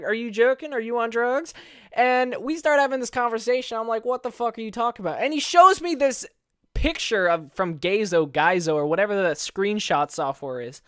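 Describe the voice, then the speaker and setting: A young man in his late teens telling a rambling story over gameplay, animated and full of swearing, often asking "you know what I'm saying". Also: sits high, smooth, no room sound, studio quality. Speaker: gameplay commentator.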